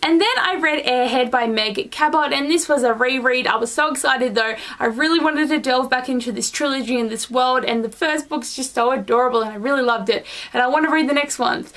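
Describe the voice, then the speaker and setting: A young adult woman vlogging a monthly reading wrap-up in a gushing, excitable way, full of "like" fillers. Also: high-pitched, brisk, few pauses. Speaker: book vlogger.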